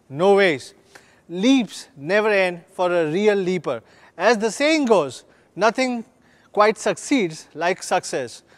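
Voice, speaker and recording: A man, a company executive delivering an earnest, upbeat scripted keynote at a product launch. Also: sits high.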